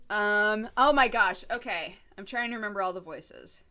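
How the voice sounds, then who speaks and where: A woman's voice: medium pitch, moderate pace, few pauses, bright, forceful tone, slight background noise. A woman streaming a game, chatting casually with her viewers in a self-deprecating way and laughing often. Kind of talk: casual live-stream chat while playing.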